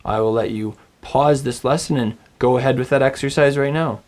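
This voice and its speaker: A man's voice: medium pitch, normal speed, a little mellow. Guy teaching hebrew vowels, friendly and encouraging, medium voice, has you repeat words after him. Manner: friendly, encouraging, models pronunciation aloud. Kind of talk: recorded language lesson.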